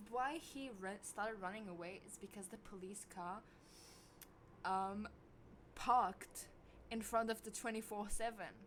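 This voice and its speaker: A young woman vlogger telling a story casually to camera, swearing often and getting loud when worked up. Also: slight background noise. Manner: animated, swears a lot, voice jumps high when worked up.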